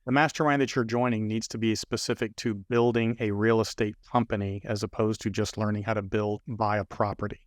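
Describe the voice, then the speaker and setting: A man's voice: lowish voice, fairly quick, hardly any pauses, no room sound, clean studio sound. An older man, a business consultant, telling stories in a podcast interview and acting out the dialogue as he goes. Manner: animated storyteller acting out dialogue.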